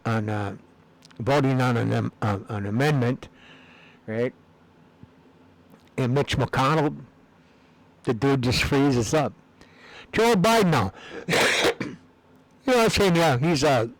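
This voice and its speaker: A man's voice: mid-range voice, no echo, low-quality recording. A man talking in a rambling, casual monologue, meandering and repeating words with many fillers. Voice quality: gravelly. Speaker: video blogger.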